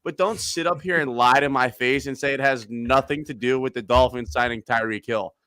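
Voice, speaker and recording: A man in his thirties hosting a casual sports chat, excitable and animated, breaking into quick bursts of excitement. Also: mid-range voice, clear, resonant tone, dry recording, studio quality. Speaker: podcast host.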